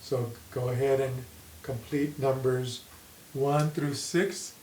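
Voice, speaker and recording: A man teaching a grammar lesson, dictating sentences slowly and reading out the punctuation. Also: medium pitch, fairly even intonation, darkish tone. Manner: slow, deliberate dictation, reading punctuation aloud. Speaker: English teacher. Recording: echoey room with faint hiss.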